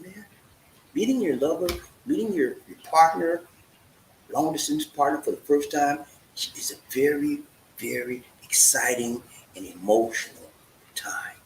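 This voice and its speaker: A man giving relationship advice in a casual talk, full of rhetorical questions and repeated "man". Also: high-pitched. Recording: echoey room with faint noise.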